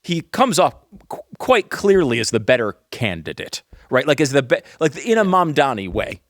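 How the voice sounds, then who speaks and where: A man's voice: mid-range voice, very animated, normal speed, dry recording, studio quality. A man co-hosting a casual podcast chat, talking in rambling, self-interrupting runs and often laughing. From Northeastern US. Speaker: co-host.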